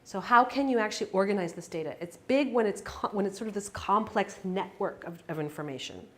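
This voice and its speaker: A woman's voice: mid-range voice, animated, a little fast, fairly bright tone. A woman giving a conversational academic talk in a lecture room, with frequent fillers and restarts. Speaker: academic speaker. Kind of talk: conference talk.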